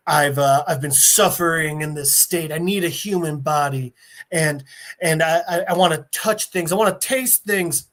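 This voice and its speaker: A man's voice: fairly high pitch, moderate pace, fairly bright tone, close to an everyday voice. A man voicing a scheming male brain in a jar, a villain rambling through his plan with hesitations. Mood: pleading. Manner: rambling, explaining, hesitant monologue.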